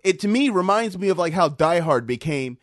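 A man with an unusually high voice rants through a casual podcast chat, swearing freely as he vents. The sound is dry and close on a studio microphone, with no room around it. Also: expressive, fairly quick, no echo. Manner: heated, profane ranting. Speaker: podcast co-host.

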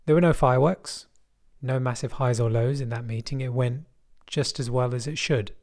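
Middle-aged man, West London accent, mid-pitched voice; reflective first-person storyteller, measured and dry-humoured. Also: a little mellow. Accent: West London English.

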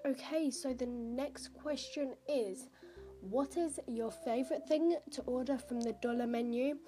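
A woman's voice: high voice, unhurried, dark tone, soft background music. A teenage girl from the United Kingdom, rambling casually as a podcast host while she takes an online quiz. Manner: chatty and rambling, many fillers and asides.

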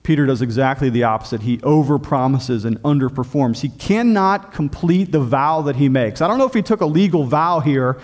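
A man preaching a sermon as pastor of a church, emphatic, often dropping low and quiet on key points. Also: lively intonation, brisk, hardly any pauses.

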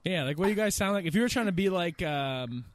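A man's voice: high-pitched, fast talker. A man hosting a casual, joking gaming podcast chat. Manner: animated, joking, chatty. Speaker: podcast host.

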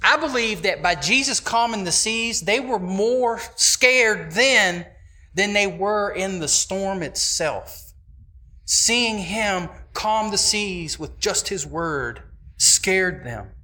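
A man's voice: high voice, lively intonation, slow, sharp tone. A man preaching a sermon, talking to the congregation in a conversational but emphatic way and often repeating his phrases.

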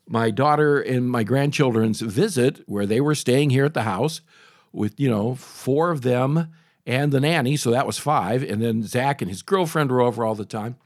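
A man's voice: medium pitch, dry recording. An older male talk show host, in his sixties, spins a rambling personal story. His voice rises and falls a lot as he talks, with plenty of restarts. The sound is close and dry. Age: 60s. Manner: chatty, animated, frequent restarts and asides. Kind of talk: casual storytelling monologue.

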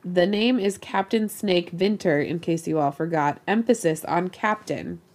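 A woman's voice: lowish voice, a little slow, a little mellow. Snake, a woman putting on a blustering male pirate captain. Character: swaggering male vampire pirate captain, bossy and whiny.

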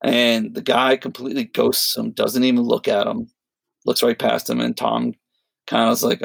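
A man co-hosting a podcast, telling a long story in a rambling, animated way, full of fillers and quoted voices. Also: mid-range voice, moderate pace, vocal fry, breathy edge, dry recording. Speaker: podcast co-host. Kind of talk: casual storytelling chat.

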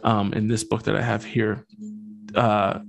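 A man's voice: lowish voice, level tone, measured pace, gravelly. A young man hosting a podcast who talks through a Bible passage in a casual, joking way, heavy on slang and fillers. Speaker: podcast host. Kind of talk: casual scripture talk.

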